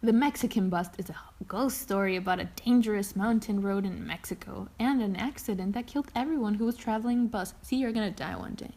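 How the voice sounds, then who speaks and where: A woman's voice: medium pitch, brisk, few pauses, warm tone. A young woman co-hosting a casual podcast, reading a ghost story aloud and rambling, swearing and laughing along the way. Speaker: podcast co-host.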